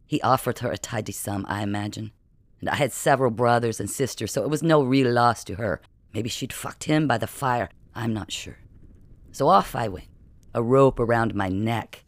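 A man reading the lines of a strange ageless boy who talks in a crisp, odd accent and an unsettling matter-of-fact way, in an audiobook. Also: medium pitch, moderate pace, no room sound, close to an everyday voice. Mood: storytelling.

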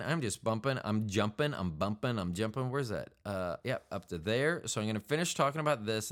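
A man's voice: on the low side, a bit bright. A male podcast host talking in a rambling, casual monologue, wry and prone to correcting himself mid-sentence. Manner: meandering, self-correcting, wry.

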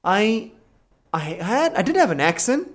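A high-voiced man with a Singaporean accent chats casually and candidly, a little slowly, restarting his sentences and swearing along the way. Animated and unguarded, he comes across like a co-host recounting tales from his youth.

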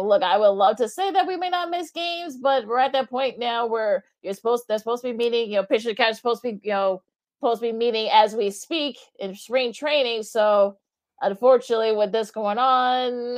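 A woman's voice: fairly high pitch, a little fast. A woman co-hosting a sports radio show, conversational and loose, leaning on fillers like "you know" and "look". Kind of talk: casual radio sports talk.

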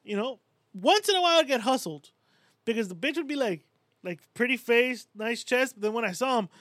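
High-voiced profane storytelling man. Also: lively intonation, brisk, fairly bright tone, no room sound. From Puerto Rico. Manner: profane storytelling, mimics people in quotes. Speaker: podcast co-host. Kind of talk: casual chat.

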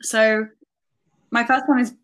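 A woman guest on a podcast in casual chat, talking in a thoughtful, measured way with many fillers. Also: a little high, little pitch movement, fairly bright tone.

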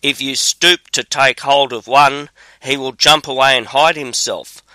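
A man's voice: mid-range voice, fairly even intonation, unhurried, pushed and bright, no echo, rough recording. A man reading the lines of a fearless, crafty young drummer. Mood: bold.

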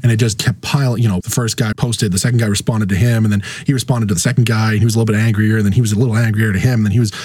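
A man's voice: on the low side, steady tone, very fast, few pauses, a little mellow, breathy edge, no echo. A man talking casually about politics, acting out quoted people with big jumps in his voice.

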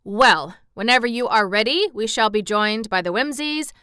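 A woman's voice: fairly high pitch, lively intonation, normal speed, sharp tone, smooth, dry recording, studio quality. A woman voicing a boastful, scheming male gnome general in a storybook reading, with a proud, emphatic delivery.

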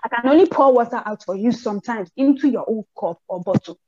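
Nigerian woman, young, casual chat, acts out quotes, higher voice, dull dry sound. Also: fast, no echo. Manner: animated storytelling, acts out quoted people in raised voices.

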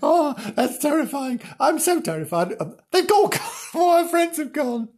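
A man playing a fussy, dithering woman field reporter in a comic sketch, with a husky voice. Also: a little high, huge pitch swings, moderate pace, exaggerated voice. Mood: panicked. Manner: fussy, dithering, shrieking with alarm. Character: flustered, excitable middle-aged woman field reporter. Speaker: on-location reporter.

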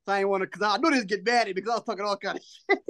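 A man's voice: high voice, rapid-fire. A man hosting a podcast, telling a long story in casual chat. He laughs often, swears and jokes freely, and acts out other people's lines in changed voices. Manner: animated, laughing often through his story; profane and joking. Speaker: podcast host.

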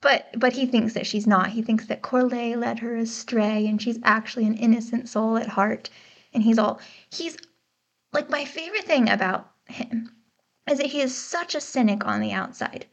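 A woman's voice: on the high side, moderate pace, gravelly. An American woman co-hosting a book podcast, in a casual, chatty discussion, laughing often and unsure over pronunciations. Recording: dull lo-fi podcast mic.

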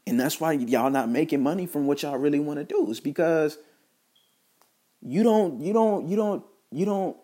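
A man with a warm, husky, medium-pitched voice addresses the camera in an informal motivational speech. He preaches to his listeners, circling back to the same ideas and restarting phrases as he stumbles.

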